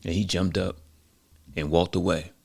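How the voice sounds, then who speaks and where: A man with a very low, gravelly voice tells a story in a relaxed, conversational way. His tone is husky, and he pads his sentences with casual fillers. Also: normal speed.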